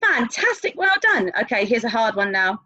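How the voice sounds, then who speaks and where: A woman teacher leads a young children's music lesson over a screen share, her voice pitched on the high side and swooping up and down as she cheers them on. The recording is dry and a little dull and lo-fi. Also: moderate pace, dry recording. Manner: animated, encouraging, sing-song questions. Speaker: primary school teacher.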